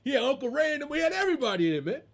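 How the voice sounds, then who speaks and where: Man in his forties, comedian host, slangy casual monologue, high voice, very animated. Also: racing.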